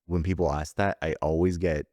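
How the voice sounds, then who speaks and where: A man's voice: sits low, fairly even intonation, normal speed, a little mellow, dry recording, studio quality. A young man, a podcast guest, speaking in a hesitant, candid casual chat.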